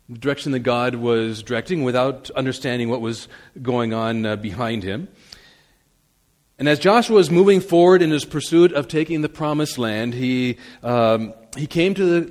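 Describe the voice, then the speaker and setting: Dramatic male preacher in a reverberant hall. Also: medium pitch. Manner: dramatic swings between loud emphasis and soft asides. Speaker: pastor. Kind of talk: sermon.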